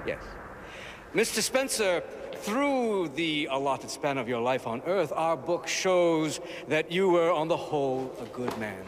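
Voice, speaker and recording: An actor playing a formal heavenly clerk who reads out a man's life record in a measured way. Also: fairly high pitch, big pitch swings, crowd noise. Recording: echoey hall with background noise.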